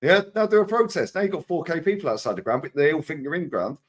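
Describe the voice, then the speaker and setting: A man's voice: a little high, sing-song, fast talker. A man, a co-host in a casual football chat, talking in street slang and swearing freely. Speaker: co-host, Arsenal fan.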